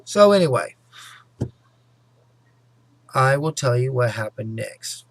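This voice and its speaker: Gravelly-voiced man telling a rambling story. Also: medium pitch, big pitch swings, no room sound. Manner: rambling, full of "you know" and "anyway"; talks fast and loud at times. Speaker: vlogger. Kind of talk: casual personal storytelling to camera.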